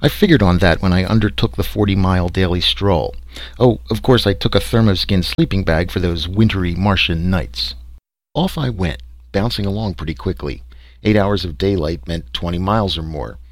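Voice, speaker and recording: A man's voice: low voice, moderate pace, no echo. A man voicing a wry, sarcastic explorer recounting his trek. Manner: sarcastic, dry storytelling.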